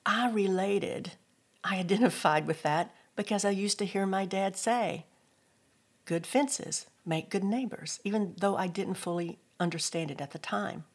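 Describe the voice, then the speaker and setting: A woman's voice: medium pitch, normal speed, breathy edge. Middle-aged woman giving a devotional talk. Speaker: Christian speaker.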